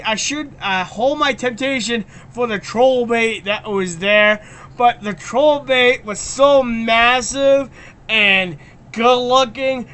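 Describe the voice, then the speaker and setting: Brief: male streamer, excitable and ranty, sharp bright tone, frequent stammered restarts. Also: very high voice, clear, resonant tone. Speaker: live stream host. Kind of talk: ranting casual live stream chat.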